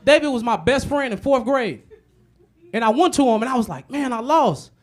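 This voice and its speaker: A man performing a stand-up comedy set. His delivery is animated and profane, and he swings between muttered asides and loud punchlines. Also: extremely high pitch, a little fast. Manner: animated, profane storytelling with many repetitions.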